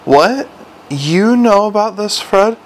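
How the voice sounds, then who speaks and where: A man reading a storybook and voicing a blunt, exasperated middle-aged watch commander who bursts into shouting. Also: fairly high pitch, moderate pace, vocal fry, low-quality recording. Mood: furious. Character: gruff harried middle-aged male city watch commander.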